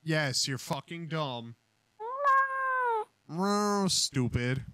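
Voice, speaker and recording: A man's voice: animated, extremely slow, heavy background noise. A man on a call, streaming a crude comedic rant, hurling profane insults with sudden shrieks. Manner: insulting, profane, wildly swinging pitch. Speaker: streamer debating a cat.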